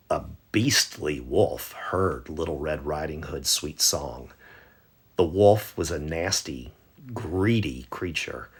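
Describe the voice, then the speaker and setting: A man narrating a bedtime story in a gentle, measured way. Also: rumbling low, slightly rough.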